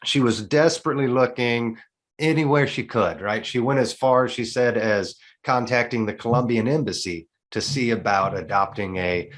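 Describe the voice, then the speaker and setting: Man in his forties, interview guest, earnest storytelling, quotes dialogue, mid-pitched voice. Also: moderate pace. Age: 40s.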